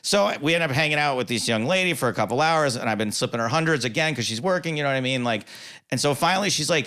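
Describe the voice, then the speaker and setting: Male comedian guest, medium pitch, lively raconteur who voices the quotes in his stories. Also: fast talker, clear, resonant tone. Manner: animated, self-deprecating anecdotes with voiced quotes. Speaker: podcast guest, comedian and poker commentator. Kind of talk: casual storytelling interview.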